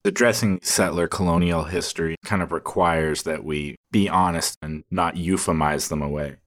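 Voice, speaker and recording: A man with a very deep voice co-hosting a casual podcast. He talks in a relaxed, wry manner. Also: normal speed. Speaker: podcast co-host.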